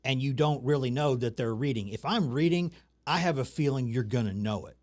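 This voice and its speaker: A man's voice: mid-range voice, fairly quick, darkish tone. A man from the American South hosting a casual chat, talking in a loose, rambling, self-mocking way. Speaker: talk show host.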